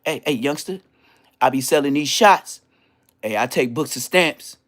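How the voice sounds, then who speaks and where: A man's voice: mid-range voice, animated, a little slow, a bit bright. A man voicing an older male inmate who has served a long time and hustles perfume oils, with wheedling sales patter.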